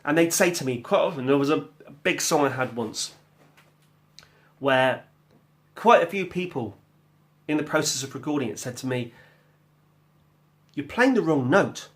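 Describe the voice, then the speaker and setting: A man's voice: mid-range voice, moderate pace, a bit bright. A man talking casually about making music at home, rambling and chatty, with jokey asides and bits of scat-singing. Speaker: musician vlogger. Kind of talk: casual spoken vlog. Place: home kitchen.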